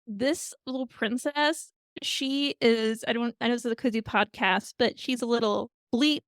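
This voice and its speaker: Lively higher-voiced woman, dry close sound. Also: moderate pace, no echo. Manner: animated storytelling, retelling a tale with quoted lines and laughs. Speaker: podcast co-host. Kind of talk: casual chat.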